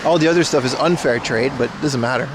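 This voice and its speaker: Recorded outdoors in a city, a young man casually chats, jokes, and banters with his viewers' chat on an IRL livestream. He talks fast at a medium pitch over a noisy background.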